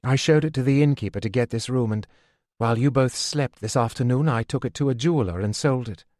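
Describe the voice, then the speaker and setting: Audiobook figure: practical, stubborn young woman, voiced lightly by a man, matter-of-fact and brisk; dry booth sound. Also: mid-range voice, a little mellow, dry recording, close to an everyday voice.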